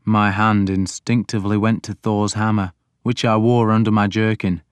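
A man giving a deliberate, even first-person audiobook narration. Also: fairly low pitch, clean tone, no room sound.

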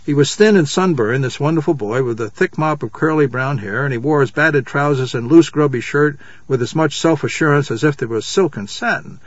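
Male storybook reader, husky, slightly high voice, dry dull home recording. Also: dry recording. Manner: measured, announces page numbers. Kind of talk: reading a children's novel aloud.

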